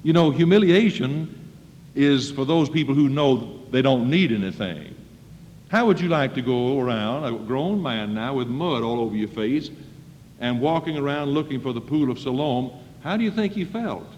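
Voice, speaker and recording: Folksy preacher in an echoing hall. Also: male voice, mid-range voice, lively intonation, normal speed, slight background noise. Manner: folksy, acts out quoted voices, rising to loud emphasis. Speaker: preacher at a school chapel. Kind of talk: sermon. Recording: dull old recording in a reverberant hall.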